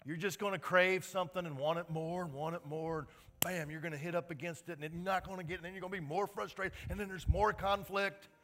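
A male pastor preaches to his congregation with a bright, forceful voice. He swells into emphatic, impassioned peaks and then falls back to quiet earnestness. The sound is that of a Sunday church service. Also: high-pitched, steady tone, quick pace. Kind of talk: sermon.

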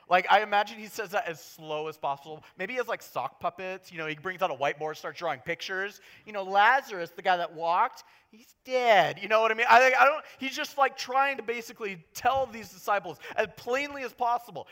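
Animated, jokey man preaching. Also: sits high, fairly quick, hardly any pauses. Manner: animated, jokey, swings from hushed to loud. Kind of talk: casual conversational sermon.

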